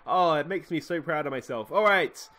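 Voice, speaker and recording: An Australian man giving excitable play-by-play commentary on a baseball sim game, swinging from muttered asides to shouted cheering at a desktop microphone. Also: fairly high pitch, normal speed. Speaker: let's play host.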